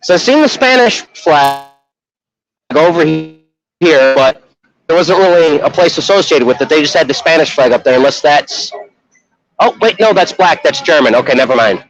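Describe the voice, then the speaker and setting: A man talks casually while streaming from an outdoor festival, laughing a lot and throwing in quick mock voices. His voice sits high and jumps around a lot. The sound is dull and lo-fi, as if from a phone. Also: lively intonation. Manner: chatty, laughs often, puts on mock voices in anecdotes. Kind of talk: casual walking livestream chat. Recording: dull lo-fi livestream audio.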